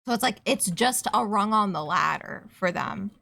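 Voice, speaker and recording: A young adult woman with a Canadian accent chatting casually while streaming a game, rambling through quick asides and casual swearing. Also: medium pitch, expressive, vocal fry, sharp tone.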